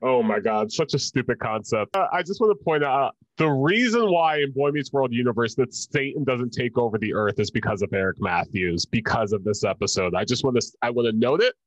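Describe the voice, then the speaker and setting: A man's voice: mid-range voice, animated, fairly quick, few pauses, dry recording, dull audio. A young adult man co-hosting a podcast, chatting casually with blunt, opinionated jokes. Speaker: podcast co-host. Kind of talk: casual rewatch podcast chat.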